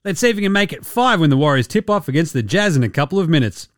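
A man's voice: fairly high pitch, big pitch swings, quick pace, no room sound. A young man hosting a casual solo sports podcast, rambling and joking with plenty of swearing. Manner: rambling, profane, jokey. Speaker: podcast host.

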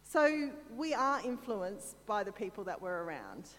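A Sydney-born church speaker with an Australian accent shares stories in a conversational sermon, adding chatty, self-deprecating asides. Her medium-pitched voice is very animated and fairly bright, her pace measured, and a long reverb tail follows her words.

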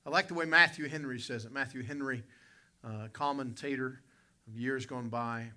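A man's voice: medium pitch, normal speed, sharp tone. A man, preaching a sermon and telling a folksy personal story, calling out to people in the congregation. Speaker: pastor.

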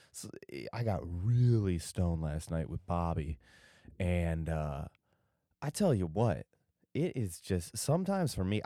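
Drowsy deep-voiced man rambling. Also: warm tone, dry recording, studio quality. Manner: drowsy, meandering, loses his train of thought. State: tired. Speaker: podcast host. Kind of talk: rambling solo podcast chat.

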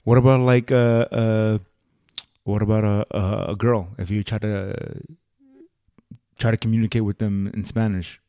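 Young adult man, low voice, dry close mic; curious, laughing, asks lots of questions. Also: fairly even intonation, measured pace, warm tone, no echo. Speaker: conversation partner. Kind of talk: casual chat.

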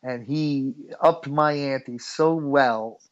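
A man's voice: mid-range voice, drawn-out words, highs cut off. A middle-aged man from the United States telling stories as an interview guest, chatty and laughing often. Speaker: guest musician. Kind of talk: relaxed storytelling interview.

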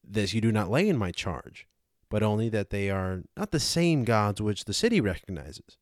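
A man's voice: lowish voice, very animated, moderate pace, no echo, clean studio sound. A man reading the part of an aged male philosopher, cross-examining with rhetorical questions, for a dramatized audiobook. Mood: indignant.

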